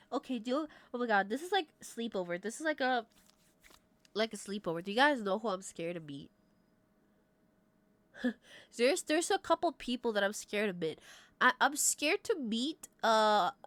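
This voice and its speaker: A woman's voice: fairly high pitch, a bit bright, no room sound. A young adult woman livestreamer chatting casually with her viewers at a desk mic. She laughs often and swears freely. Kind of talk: casual chat with stream viewers.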